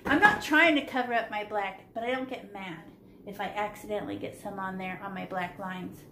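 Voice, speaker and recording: This art teacher speaks a little fast in a mid-range voice, walking kids through each stage of a painting lesson in a playful, chatty way. She's on a video call from a room at home, using her laptop mic, and the sound is roomy with a noisy background.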